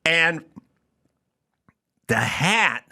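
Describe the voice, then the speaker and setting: Male comedy talk host, bright and animated, a ranting storyteller. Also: on the high side, very slow. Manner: animated, ranting, yelling in retold scenes.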